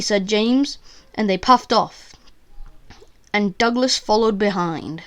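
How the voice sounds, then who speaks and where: A woman's voice: medium pitch, slow pace, pauses often. A woman narrating a simple toy train story in a plain, storybook style.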